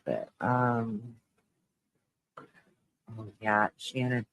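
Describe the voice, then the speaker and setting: A man hosting a live stream, chatting with viewers in a low, shaky-voiced mood, halting and restarting as he rambles. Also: fairly even intonation, fairly bright tone, rough recording. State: shaky voice, close to tears. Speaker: livestream host.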